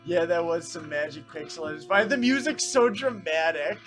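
A man hosting casual let's-play banter, excitable, swearing a lot and crying out at his losses. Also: fairly high pitch, normal speed, music in the background. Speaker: channel host.

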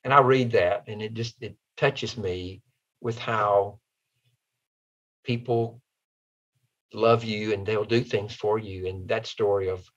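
A man's voice: fairly low pitch, fairly even intonation, takes it slowly, pauses often, muffled recording. Folksy man telling heartfelt stories. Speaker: guest author. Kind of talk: interview storytelling.

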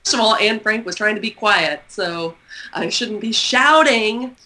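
A middle-aged woman from Texas, telling a story as an interview guest, lively and expressive and laughing often. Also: medium pitch, measured pace, a little hiss or hum, poor audio. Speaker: guest author.

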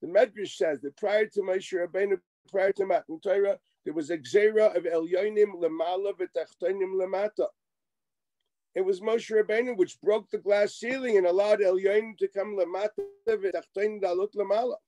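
A middle-aged man delivers a Torah lecture in a fairly high, mellow voice. He is animated and wry, acting out exchanges as he teaches. The sound is close and dry. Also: normal speed, dry recording. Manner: animated, wry asides, acts out quoted exchanges. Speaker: rabbi lecturing.

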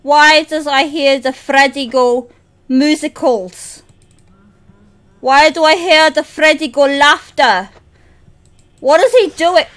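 A woman's voice: sits high, takes it slowly, a bit bright. A woman streaming a horror game, talking to her chat, jumpy and prone to shrieks and repeating herself. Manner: talks to chat. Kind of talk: live horror game commentary.

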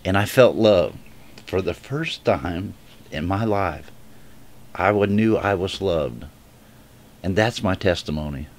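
Guy telling his faith testimony to the camera, deepish voice, choked up and halting, keeps restarting. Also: animated. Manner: emotional, halting, with frequent restarts; earnest direct appeal to viewers. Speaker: person giving a religious testimony. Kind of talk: heartfelt personal testimony to camera.

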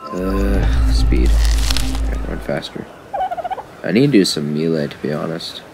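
Gravelly low-voiced man grumbling at a game. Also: a little slow, over music. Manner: frustrated, talks to the game and viewers. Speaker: gaming YouTuber. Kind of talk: casual game commentary.

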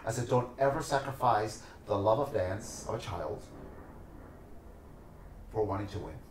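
A man's voice: fairly low pitch, expressive, measured pace, slight background noise. Passionate storytelling man in a roomy space. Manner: passionate, acts out voices in his stories. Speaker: podcast guest, dancer and teacher. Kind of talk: animated storytelling in conversation.

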